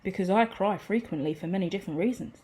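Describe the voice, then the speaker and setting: A woman reads tarot cards for her viewers in a loose, rambling way, swearing casually and laughing at herself. Her voice is mellow and warm, at a middle pitch for a woman. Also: quick pace. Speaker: tarot reader.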